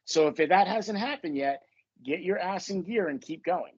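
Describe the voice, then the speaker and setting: Guy coaching on a podcast, kinda high voice, swears a lot, jokey storytelling, bit muffled audio. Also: normal speed, slightly rough. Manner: profane, joking, animated storytelling. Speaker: podcast host and manifestation coach. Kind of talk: casual podcast chat.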